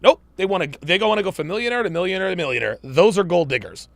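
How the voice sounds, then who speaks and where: A man's voice: sits high, animated, racing, gravelly, no echo. A man hosting a live-stream commentary show, talking in a profane, emphatic and preachy way. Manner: mocks women in put-on voices.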